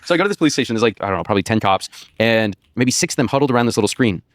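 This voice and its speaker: Quick-talking American man telling a story. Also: on the low side, animated, dry recording. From United States. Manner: rambling anecdote, laughing mid-sentence, swearing. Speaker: podcast guest. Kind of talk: casual storytelling on a podcast.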